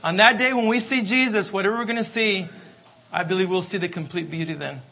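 A man's voice: high voice, fairly quick, creaky, pushed and bright. A man preaching a sermon, emphatic and repetitive, asking for amens. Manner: emphatic, repeats refrains, asks the congregation for amens.

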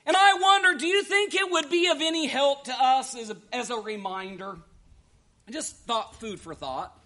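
A man preaching a sermon, swinging between hushed asides and shouted exhortation, asking the congregation rhetorical questions. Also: very high voice, normal speed.

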